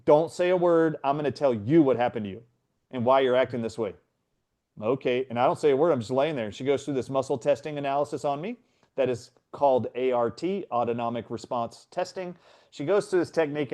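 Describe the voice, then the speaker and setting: This middle-aged man's voice is a little mellow, sitting in a typical middle range for a man. As a guest in a conversation, he recounts his story with earnest animation, slipping into other people's voices.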